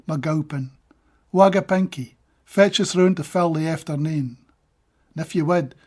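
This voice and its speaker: A Scottish man giving a measured, deliberate poetry reading of his own translations, with brief plain-spoken asides between poems. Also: a little high, a little mellow.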